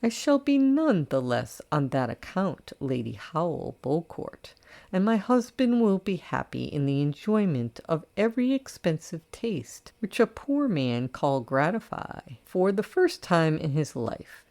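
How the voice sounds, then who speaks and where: A woman's voice: sits low, big pitch swings, a little slow, a little mellow, full character voice. A woman reading an audiobook, voicing a wealthy older woman who answers her critics in a dry, self-assured and cutting way. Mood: sardonic.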